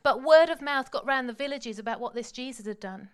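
High-voiced woman preaching. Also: brisk, clean tone. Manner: dramatic storytelling, swings from hushed to shouting. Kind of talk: sermon.

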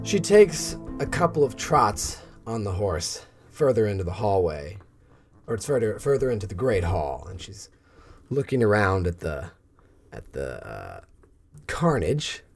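A man narrates a tabletop game as game master, joking loosely and sometimes swearing. He speaks slowly with a lively, rising and falling voice. Clear music plays underneath. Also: lowish voice.

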